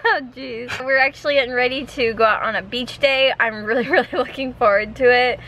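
A woman chatting excitedly and with giggles during a family beach vlog. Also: fairly high pitch, fairly quick, low-quality recording. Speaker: family vlogger. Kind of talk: casual vlog chat. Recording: loud outdoor noise.

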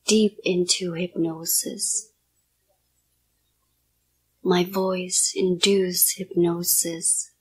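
Woman hypnotist, whispered role-play: low, flat, breathy delivery of soft, repetitive commands.

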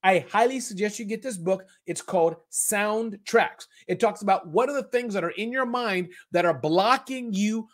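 Reading out questions from viewers, this summit host answers them on a live stream with rapid-fire replies and plenty of slang. His voice is high and full of energy, and he chats freely, doubling up words to stress them.

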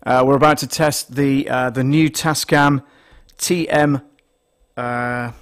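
In a small studio equipped with a mixing desk, a man takes it slowly as he hosts a relaxed live stream. He thinks aloud and rambles while setting up gear and counting numbers into a close desktop condenser microphone. His voice has medium pitch and fairly even intonation.

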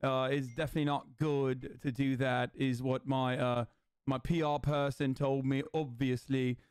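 A young man streaming, chatting in a sarcastic, deadpan way. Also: medium pitch, moderate pace, smooth, dry recording, clean studio sound. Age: young adult. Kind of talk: casual chat with mock accents.

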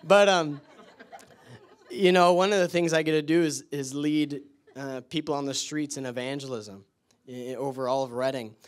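A man preaching in church, telling excited stories with frequent laughter and then praying over the people. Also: on the high side, moderate pace. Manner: laughs often, excited storytelling. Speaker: guest preacher. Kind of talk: sermon storytelling and prayer.

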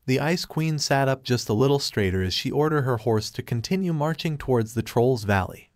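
A man narrating a fan fiction story with a steady, even reading delivery. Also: medium pitch, dry recording, clean studio sound.

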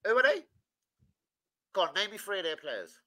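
A man hosting a football watch-along, ranting and swearing nonstop. His voice is very bright and sharp, with a pitch that leaps about wildly. He swings from loud shouting down to low muttering. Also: very animated, moderate pace, low-quality recording. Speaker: watch-along stream host. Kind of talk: heated football fan rant.

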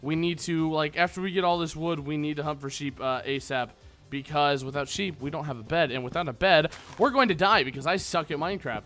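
Goofy young guy doing let's play commentary, kinda high, bright voice, faint music behind. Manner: goofy, rambling, jokey asides to viewers. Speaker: gaming channel host. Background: faint background music.

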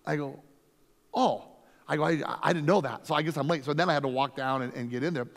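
A man, a lead pastor, teaching a conference workshop through energetic, emphatic stories. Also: fairly high pitch, racing. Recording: long reverb from a hall.

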